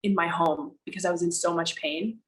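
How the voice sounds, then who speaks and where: A woman speaking candidly as a podcast guest, animated and emphatic, slowing down to stress her words and now and then swearing for emphasis. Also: fairly low pitch, rough recording. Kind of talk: candid conversational storytelling.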